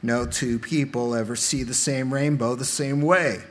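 A man preaching a sermon in a church, animated and humorous, making direct appeals to the congregation. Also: mid-range voice, measured pace. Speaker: pastor. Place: church sanctuary.

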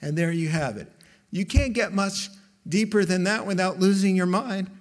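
A man preaching a sermon as a pastor, emphatic and slow, with dramatic pauses between phrases. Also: high voice.

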